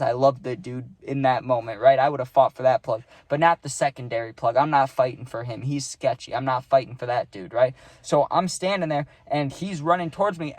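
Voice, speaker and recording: Young man, slightly high voice, rambling storytime, casual swearing, dry close sound. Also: no echo. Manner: rambling, full of "like" and "right?"; swears freely.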